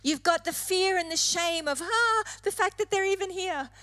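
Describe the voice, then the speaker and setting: A woman's voice: very high-pitched, moderate pace, pushed and bright. A woman preacher delivering an emphatic sermon, stressing points through repetition. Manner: emphatic, repeating phrases for effect.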